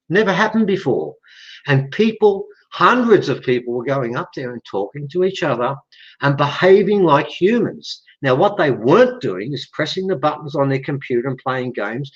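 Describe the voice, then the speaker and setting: An Australian man speaking as a podcast guest, telling a story with lively back-and-forth quoted dialogue. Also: medium pitch, slightly rough, lo-fi sound. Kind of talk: animated storytelling in conversation.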